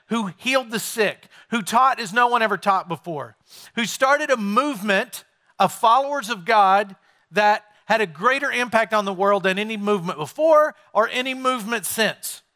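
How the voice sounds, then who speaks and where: A man's voice: high-pitched, sharp tone. A male pastor preaching a sermon to his congregation in a conversational way, often putting questions to his listeners.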